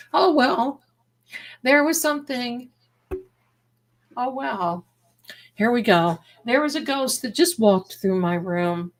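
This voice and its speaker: A woman hosting a live stream as a psychic, rambling affectionately while she reads comments aloud. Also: mid-range voice.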